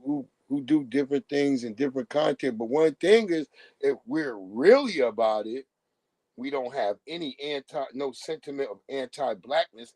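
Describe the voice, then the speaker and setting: A man doing a casual live-stream rant as a commentator, profane and animated, mocking his subject and breaking into laughter often. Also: a little high, no room sound. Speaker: livestream commentator.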